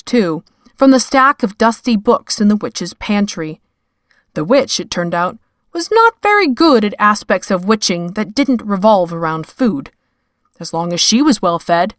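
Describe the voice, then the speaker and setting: Woman reading a story aloud, measured and a bit wry, dead dry room. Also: mid-range voice, no room sound. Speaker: narrator. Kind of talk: scripted fiction narration.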